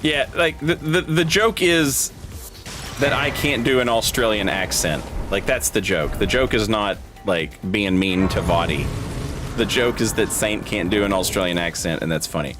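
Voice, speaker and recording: A man's voice: fairly low pitch, normal speed, music in the background. A man streaming a video game, rambling casually, joking and swearing freely. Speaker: gaming streamer. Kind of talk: casual gaming commentary.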